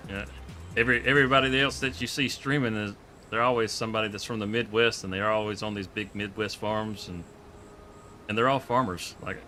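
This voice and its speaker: A man with a Southern Georgia accent, hosting a farming game live stream in a relaxed, rambling way with chuckles. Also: fairly low pitch, fairly quick, soft background music. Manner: laid-back, chuckling, rambling with fillers. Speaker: streamer host. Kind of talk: casual live-stream gaming chat.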